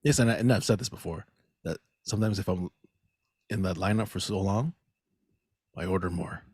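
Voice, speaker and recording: A man co-hosting a casual comedy podcast, chatting in an animated way and often asking "you know what I mean?". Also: sits low, normal speed, breathy edge, dry recording, clean studio sound.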